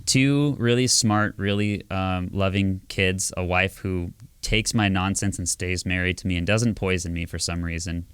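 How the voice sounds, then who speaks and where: A man's voice: low-pitched, moderate pace, hardly any pauses, fairly bright tone, clean tone, no echo. A man hosting a casual comedy podcast, talking in a wry, self-mocking grouchy way. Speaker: podcast host, worship pastor.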